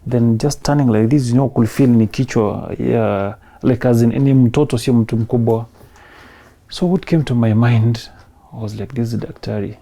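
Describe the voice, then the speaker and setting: Kenyan guy telling his story, soft and emotional, mellow gravelly voice. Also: medium pitch, normal speed. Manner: emotional, soft-spoken, mixing in Swahili phrases. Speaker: interview guest. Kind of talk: personal story interview.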